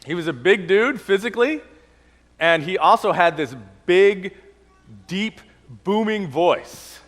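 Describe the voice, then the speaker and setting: A male pastor with a cold, preaching a sermon and slowing down to stress key lines. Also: high voice, expressive, a bit bright, in a large hall. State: has a cold.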